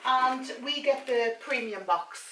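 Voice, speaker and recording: Bright-voiced Irish mum vlogger. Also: female voice, sits high, slow pace, slight background noise. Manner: chatty, scatterbrained, reads labels aloud. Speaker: vlogger and mother. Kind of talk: casual snack-tasting chat. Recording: echoey room, camera set far off.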